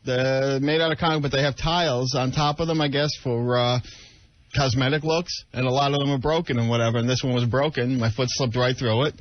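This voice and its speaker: A man's voice: medium pitch, fairly even intonation, a little fast, no echo. A man, a radio show producer, explaining himself sheepishly and at length in casual on-air banter. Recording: lo-fi radio broadcast.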